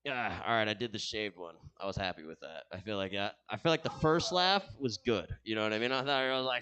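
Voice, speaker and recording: A young man doing a rambling stand-up set with self-deprecating dark humor. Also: lowish voice, fast, hardly any pauses, clean tone. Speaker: stand-up comedian.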